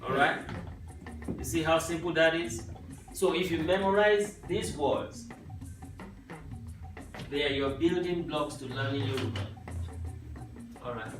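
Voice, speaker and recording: Patient male language teacher, slow and a touch high, recorded from across an echoey classroom with music behind. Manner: patient, repeats "right?" to check understanding. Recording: echoey room, mic far off, music behind.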